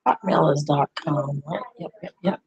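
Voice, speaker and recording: A woman's voice: low voice, moderate pace, darkish tone, breathy edge, muffled recording. An older woman, a grandmother hosting a rambling, casual livestream chat with her viewers. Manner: chatty, rambling, talks to viewers and pets. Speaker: livestream host.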